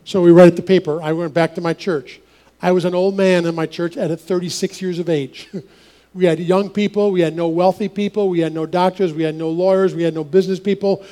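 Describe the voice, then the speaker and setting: Male pastor, anecdotal sermon delivery, high but warm voice. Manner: anecdotal, chuckling, repeats words. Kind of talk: storytelling sermon.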